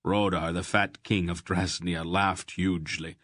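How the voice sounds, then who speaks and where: A man's voice: deep voice, steady tone, unhurried, few pauses, fairly bright tone, no room sound, clean studio sound. A man reading a fantasy novel aloud as an audiobook narrator, giving the characters slight voice shifts. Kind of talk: scripted narration.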